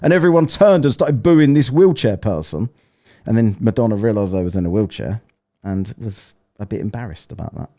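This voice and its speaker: Brisk and on the low side, this man from England runs a relaxed panel conversation in his English accent. Swearing freely, he ribs his guests and spins lively stories.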